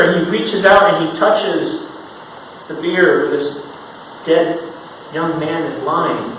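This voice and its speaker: A male pastor delivering a sermon, telling a story with sudden emphatic rises and soft drops. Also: takes it slowly. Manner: storytelling, rising to emphatic highs then dropping soft. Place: church sanctuary. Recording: echoey hall from far off, noisy.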